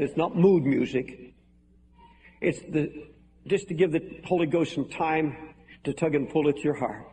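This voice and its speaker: A man's voice: on the high side, mellow. An older man preaching a sermon to a large congregation, in an earnest, pleading manner. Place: large hall with balcony. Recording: echoey hall, faint noise.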